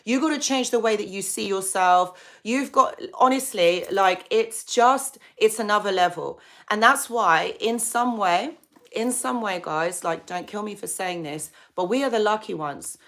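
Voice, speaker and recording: A woman hosting a casual live stream, chatting warmly and greeting viewers by name. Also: medium pitch, unhurried. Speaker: psychology channel host.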